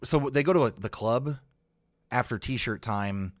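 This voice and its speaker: A man's voice: medium pitch, a little slow, no room sound, studio quality. Wry man in casual chat. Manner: wry, mocking, laughs often.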